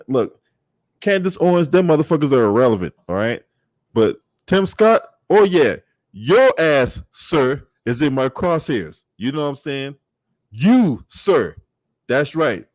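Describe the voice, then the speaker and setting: A man livestreaming in casual chat, swearing freely, laughing often and shouting out viewers. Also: on the high side, dry recording, clean studio sound.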